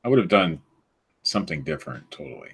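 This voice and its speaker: A man's voice: very deep voice, big pitch swings, brisk, a bit bright, slightly rough. A man from the United States co-hosting a podcast, joking and laughing often in casual chat. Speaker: podcast co-host.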